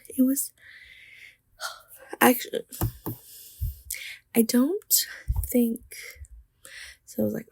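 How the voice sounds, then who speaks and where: Young woman artist vlogger, slow and dry-voiced, casual storyteller who laughs and whispers. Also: a little high, level tone, creaky, husky, no room sound. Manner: chatty, laughing, drops to whispers. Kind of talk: casual storytelling while sketching.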